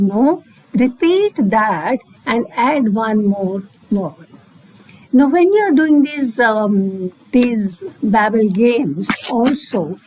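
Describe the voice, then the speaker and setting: A woman with an Indian English accent, a speech therapist explaining slowly to parents and demonstrating babble sounds. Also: fairly high pitch, darkish tone, breathy edge, rough recording. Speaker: auditory-verbal therapist. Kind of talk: parent coaching lesson.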